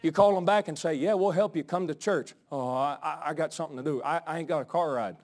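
A male pastor preaching a sermon, out of breath, swinging from folksy asides to shouted peaks. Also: fairly high pitch, fast. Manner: folksy, joking asides to the congregation.

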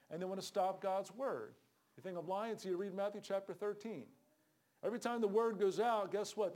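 A man's voice: high-pitched, darkish tone. A middle-aged man preaching a fervent sermon, calling for amens and acting out the people in his stories. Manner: fervent, calls for amens, acts out quoted people. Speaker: street preacher.

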